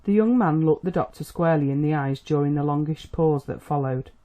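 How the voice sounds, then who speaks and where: A narrator reads a period novel aloud. The storytelling is measured and steady. The tone is mellow and soft-edged. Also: mid-range voice. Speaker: audiobook narrator. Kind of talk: scripted narration.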